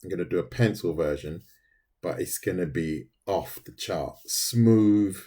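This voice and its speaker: A man's voice: sits low, unhurried, dark tone, breathy edge. A middle-aged man, chatting casually with viewers on a livestream while he draws. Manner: chatty, talks to viewers, says "mate" often. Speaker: livestreaming artist.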